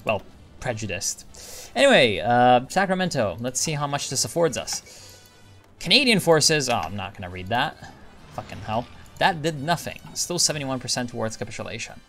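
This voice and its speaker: A man's voice: medium pitch, big pitch swings, moderate pace, a bit bright, soft background music. A man giving casual, rambling commentary on his strategy gameplay, thinking aloud and restarting sentences. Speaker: gaming video creator.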